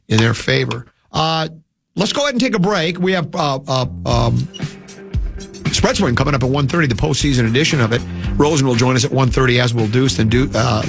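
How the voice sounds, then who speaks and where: A man hosting a sports talk radio show, sounding lower than usual from a cold, rambling and restarting his sentences. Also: brisk, gravelly, music in the background. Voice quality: usually whiny and nasal.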